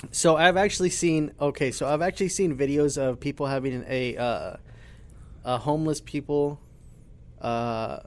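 Man, slightly higher voice, podcast co-host, excitable, slangy storytelling. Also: moderate pace. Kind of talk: casual chat.

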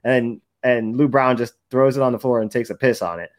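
A man's voice: mid-range voice, fairly quick. A man co-hosting a podcast, rambling and laughing as he recalls favorite movie scenes. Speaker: podcast co-host. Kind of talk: casual chat.

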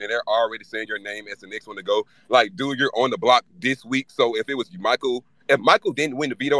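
Man guest, bright forceful voice, fast irritated rant, swears freely. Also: medium pitch, no echo. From Louisiana. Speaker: live-stream guest speaker. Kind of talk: casual fan chat.

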